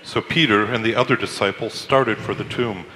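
A man narrating a dramatic group scripture reading, with expressive, emphatic delivery in a reverberant hall. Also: fairly low pitch, normal speed. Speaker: scripture reader.

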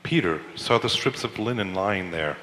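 A man narrating a dramatic group scripture reading, with expressive, emphatic delivery in a reverberant hall. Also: low voice, moderate pace, a little hiss or hum. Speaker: scripture reader.

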